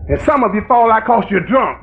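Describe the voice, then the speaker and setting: A man preaching a fiery sermon in a very high, gravelly voice that rises into shouting. The recording is tinny and lo-fi, with a faint hiss underneath. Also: sing-song, brisk.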